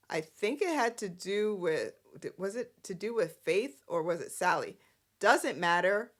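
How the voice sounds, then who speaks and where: A woman's voice: medium pitch, fairly bright tone. A woman hosting a casual recap show, chatty, sassy and exasperated. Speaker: host.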